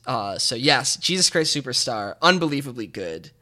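A man's voice: medium pitch, very animated, normal speed, pushed and bright. A man co-hosting a podcast, chatting enthusiastically in long rambling runs. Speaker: podcast co-host. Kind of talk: casual chat about musicals.

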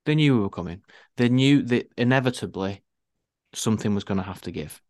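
A man, co-hosting a casual podcast and telling wry anecdotes with animated emphasis. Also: on the low side, fairly quick, no echo, studio quality. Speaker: podcast co-host.

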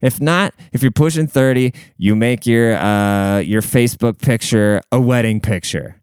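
A man's voice: mid-range voice, unhurried, darkish tone, smooth, no room sound. A man in his late twenties rambling in a casual, profane, slangy monologue.

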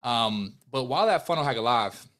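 As a podcast guest, a young man earnestly recounts a personal story, acting out the dialogue and talking openly about his faith. His voice is medium-pitched and fairly quick, and his delivery is animated and faith-filled.

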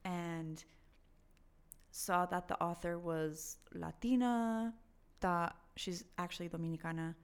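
A woman's voice: lowish voice, fairly even intonation, slow pace, clear, resonant tone. A woman co-hosting a casual book chat, talking enthusiastically in a rambling way.

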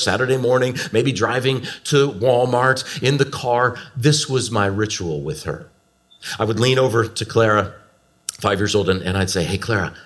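Animated storytelling preacher, a man. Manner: animated storyteller, swooping pitch for emphasis. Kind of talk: storytelling sermon.

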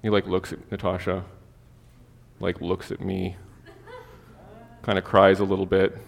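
A man's voice: deep voice, little pitch movement, measured pace, gravelly. Man preaching in a reverberant hall. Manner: casual, storytelling with many fillers. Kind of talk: sermon with personal story.

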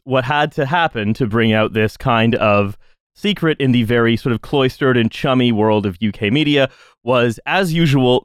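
A man hosting a casual podcast chat, wry and relaxed, with some fillers. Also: medium pitch, no echo, studio quality. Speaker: podcast host.

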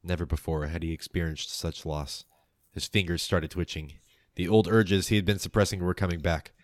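A man hosting a tabletop game podcast as game master, narrating the story in a measured, playful way and doing the show announcements. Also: low voice, fairly even intonation, no room sound, studio quality.

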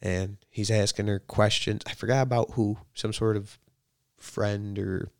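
Brief: young male co-host, gravelly voice, dry close sound, casual teasing banter. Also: on the low side, steady tone, a little slow, no room sound. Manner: joking, swearing, teasing. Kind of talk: casual chat.

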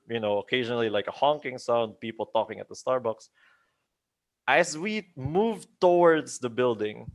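A young man telling a ghost story to friends in casual chat, animated and acting out the voices of the people in it, with many restarts. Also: medium pitch. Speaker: storyteller on a group chat show.

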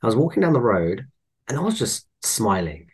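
A man, chatting casually and telling animated anecdotes. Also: medium pitch, normal speed, slightly rough. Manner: animated storyteller, acts out voices in anecdotes. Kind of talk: casual conversation.

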